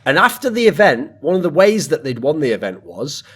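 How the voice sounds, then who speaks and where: A male podcast host talks through his analysis in a husky voice, and his pitch swings widely with enthusiasm. He rambles in loose, casual chat. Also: sing-song, brisk, fairly bright tone.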